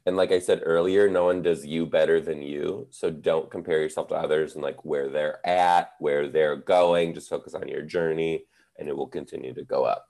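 A man, a comedian and teacher, chatting as a podcast guest, animated, swearing freely and laughing often. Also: extremely low pitch, a little fast, vocal fry. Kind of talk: casual interview chat.

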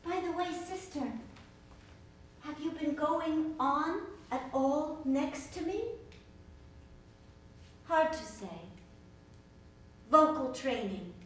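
An actress gives voice to an uneasy younger sister whose thoughts come in slow, halting questions. Her voice sits high. She is heard from far back in a very echoey theater with a faint hiss. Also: expressive, a bit bright, heavily acted. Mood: uneasy, musing. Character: younger sister lying still, anxious, speaking only in her mind. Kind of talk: stage play reading. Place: theater stage.

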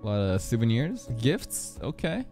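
An excitable reaction streamer talks straight at the screen, profane and quick to get hyped. The pitch swings wildly from low mutters to high bursts, with faint soundtrack music playing underneath. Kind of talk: live reaction commentary.

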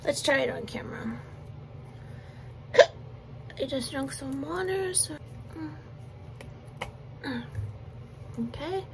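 Young girl chatting at her phone mid-snack, kinda high voice, slow easygoing talk, mouth full half the time. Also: animated, creaky, very noisy. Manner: chatty, giggly, talks while chewing with mouth full. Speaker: mukbang vlogger. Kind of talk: casual chatty eating vlog.

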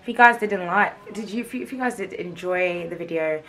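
A young woman, slightly hoarse, chatting casually to camera in a rambling way full of fillers and slang. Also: on the low side, fairly quick, fairly bright tone. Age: young adult. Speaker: vlogger. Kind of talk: casual vlog chat to camera.

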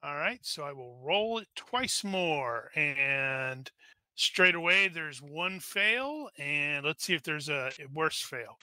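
A man runs a tabletop battle as game master. He talks through each roll methodically and at an unhurried pace. His voice is bright and slightly high, recorded dry and close. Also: lively intonation, dry recording. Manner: methodical, narrates dice rolls aloud. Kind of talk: running a tabletop combat.

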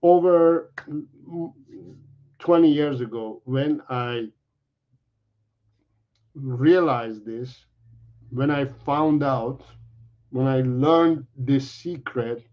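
Slow, earnest male dog trainer. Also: medium pitch. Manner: earnest, repeats himself, halting restarts. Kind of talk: explaining to viewers. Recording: dull lo-fi audio.

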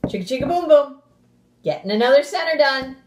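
A woman teacher reads a picture book aloud to young children, animated and expressive, gasping and adding playful sound effects before giving the class instructions. Her voice is high-pitched and a little fast. There is slight background noise and a roomy echo in the recording.

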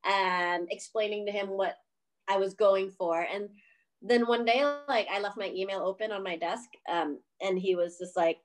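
A woman filmmaker telling a story casually on a video call, chatty and profane, full of "like" and quick laughs. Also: medium pitch. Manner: chatty, profane, says "like" a lot, laughs often.

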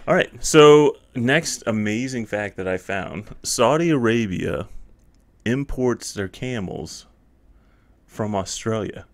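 A male co-host trading odd facts in casual banter, his voice swinging up and down with lively emphasis. He laughs often and keeps the tone joking and animated. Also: medium pitch, takes it slowly, a little hiss or hum. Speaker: podcast co-host. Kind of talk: casual chat.

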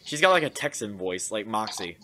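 An excitable host chats through an animated video with friends over a voice chat mic, laughing easily. The pitch swings wildly up and down, and the tone is bright and forceful. A faint hiss sits under the voice. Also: fairly quick. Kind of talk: casual reaction chat with friends.

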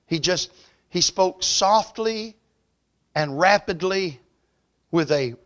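A male evangelist delivers a storytelling revival sermon in a church. His voice sits a little high and rings bright and forceful, and he rises loud at the peaks and falls quiet at the ends of points. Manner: swells loud and high at climaxes, drops soft at closes. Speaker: evangelist preacher. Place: church sanctuary.

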